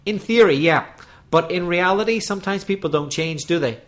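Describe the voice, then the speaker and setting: A man's voice: high voice, brisk. A man co-hosting a casual English-lesson podcast. He adds chatty asides and examples to the lesson. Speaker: podcast co-host.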